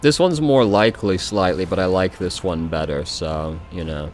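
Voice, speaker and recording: Low-voiced man casually playing a game. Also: soft background music. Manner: casual asides, quick remarks. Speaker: let's play host.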